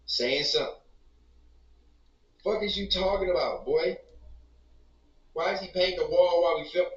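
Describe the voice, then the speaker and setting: A man's voice: a little high, normal speed, pauses often. A man hosting a casual livestream, reacting to clips with laid-back, profane trash talk. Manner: laid-back, swears a lot, trash-talks. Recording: roomy, distant, dull stream audio.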